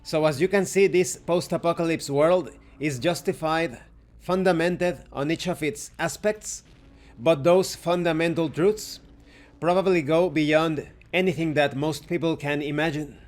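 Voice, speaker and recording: A man's voice: on the high side, unhurried. A man hosting a tabletop game review channel, reading lore aloud in an earnest storytelling way and then thanking his viewers. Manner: stops to correct his own pronunciation.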